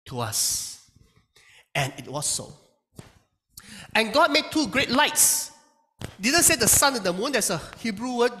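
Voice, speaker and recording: A Bible teacher lectures with a lively, swinging delivery, voice climbing and dropping from phrase to phrase. The tone is bright and forward as they press points home with rhetorical questions. A long reverb tail hangs on every word. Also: mid-range voice. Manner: emphatic, asks rhetorical questions with tag questions.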